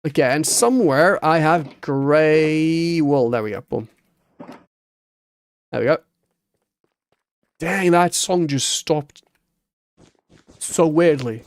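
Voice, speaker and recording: A man narrating his own gameplay at an unhurried pace, muttering thoughts aloud and humming little boom and ba-ba-ba noises. His voice sits a bit higher than most men's and sounds close and dry on the mic. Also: no room sound. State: hiccuping. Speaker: Minecraft streamer. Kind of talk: casual gameplay commentary.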